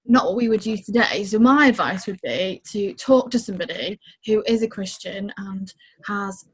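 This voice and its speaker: A woman's voice: medium pitch, normal speed, husky. A young woman, a youth leader, chatting casually and earnestly, with frequent fillers as she explains. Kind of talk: casual chat.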